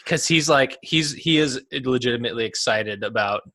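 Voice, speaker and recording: A man's voice: medium pitch, normal speed, pushed and bright. Jokey New Jersey man hosting. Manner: jokey, laughs a lot, drops into goofy voices. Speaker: podcast host. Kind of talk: casual podcast chat.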